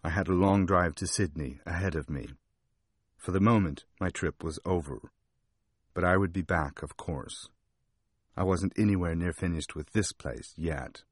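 A man narrating a travel book in a wry, measured manner. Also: low voice, breathy edge, no echo, clean studio sound. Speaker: audiobook narrator.

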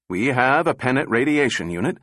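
A man voicing a fussy, nervous little male official who blusters and pushes his voice higher. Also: lively intonation, brisk, fairly bright tone, no room sound, studio quality. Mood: blustering.

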